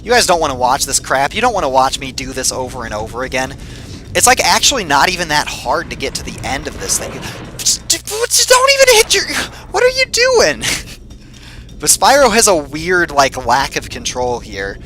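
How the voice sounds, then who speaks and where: A young man with a mid-range voice comments casually on his gameplay, getting excitable and quickly swearing and yelling when frustrated. There's a little hiss or hum in the background.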